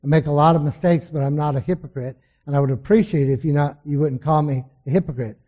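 A man preaching voices a stern male pastor who gives firm, measured warnings. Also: a little high, fairly even intonation, dark tone, lightly acted.

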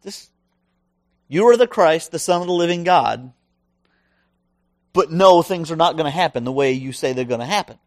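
Fussing grandmotherly Peter done by a male preacher, high, fretful. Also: animated, moderate pace, pauses often, darkish tone, no room sound, clean studio sound. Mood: fretful pleading. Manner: fretful, pleading, protective.

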